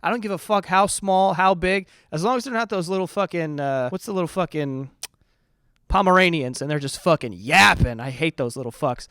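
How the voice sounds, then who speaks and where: Crisp, profane man with a New York accent. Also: on the high side, a little fast, dry recording. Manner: profane, animated, sarcastic reactions. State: sick. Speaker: comedy podcast host. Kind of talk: reading and reacting to online posts.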